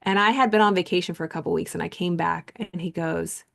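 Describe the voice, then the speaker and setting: A woman's voice: lowish voice, fairly even intonation, quick pace, creaky, fairly bright tone. A woman coach reading a self-help book aloud, then chatting casually about it and telling stories with many fillers.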